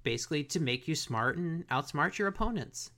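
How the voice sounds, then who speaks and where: Laid-back slangy young woman, lively pitch. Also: a little fast. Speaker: podcast co-host. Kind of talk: casual chat recapping a cartoon episode.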